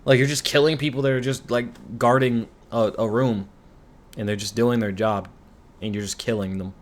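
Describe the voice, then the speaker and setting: A man's voice: fairly low pitch, fairly even intonation, moderate pace. A man recapping a TV show in a rambling, profane, sarcastic rant, full of asides and complaints. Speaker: commentary YouTuber.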